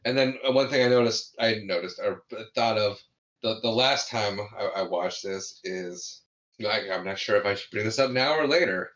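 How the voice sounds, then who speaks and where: A man with a low voice that is bright and forceful, recapping a comedy film in a relaxed chat. He retells the scenes with lots of restarts. The recording is dull and lo-fi. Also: moderate pace. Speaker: podcast co-host. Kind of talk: casual movie review chat.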